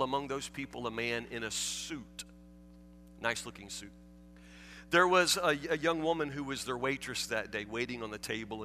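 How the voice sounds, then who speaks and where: A pastor in his 40s delivers a folksy, self-deprecating sermon full of stories in a large church. His medium-pitched voice sounds pushed and bright, and the recording carries a long hall reverb.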